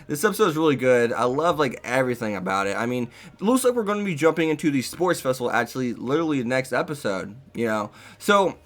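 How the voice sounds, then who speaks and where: A man giving a casual, excited, rambling review of an anime episode, laughing often. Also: medium pitch.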